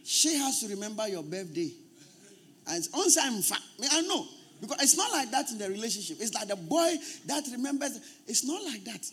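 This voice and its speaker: Male pastor, high voice, preaching emphatically with repetition; faint background hum. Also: big pitch swings, normal speed, fairly bright tone. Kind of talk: sermon.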